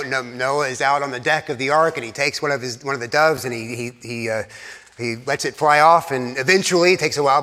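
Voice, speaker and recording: A man, an Anglican pastor, preaching an earnest sermon in a church, sometimes dropping to hushed tones for emphasis. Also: mid-range voice. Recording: long reverb of a church hall.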